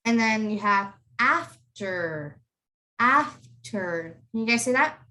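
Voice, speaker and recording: Young woman, pronunciation tutor, bright voice, patient repetition, video call. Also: on the high side, expressive, measured pace. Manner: explains patiently, repeats model words for students. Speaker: accent tutor. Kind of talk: online pronunciation lesson for kids.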